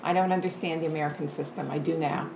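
A woman's voice: low voice, fairly even intonation, fast talker, reverberant, background noise. An older woman originally from Canada, talking easily and laughing as she is interviewed on a porch. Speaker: podcast guest. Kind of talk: casual interview. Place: screened-in porch.

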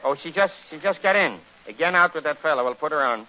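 A man's voice: a little high, fast talker. A man doing a rambling comic monologue and a one-sided phone call on the radio, joking his way from story to story. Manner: rambling, jokey storyteller with a lively, animated delivery. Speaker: radio comedian. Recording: dull lo-fi old radio recording with faint hiss.

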